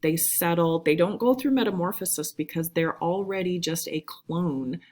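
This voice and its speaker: A woman's voice: lowish voice, moderate pace, darkish tone. Chatty woman teaching biology. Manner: chatty, upbeat, with asides to students. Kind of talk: casual recorded lecture.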